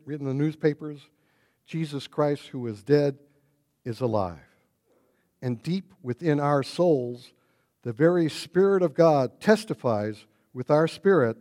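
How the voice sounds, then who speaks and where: A man preaching an Easter sermon, retelling a story and building to loud, repeated exclamations. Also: fairly high pitch.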